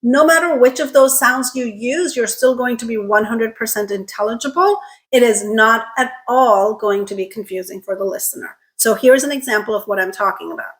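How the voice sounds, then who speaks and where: A woman teaching an online pronunciation lesson, enunciating carefully, drilling sounds slowly and checking in with "okay?". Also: fairly high pitch, a bit bright.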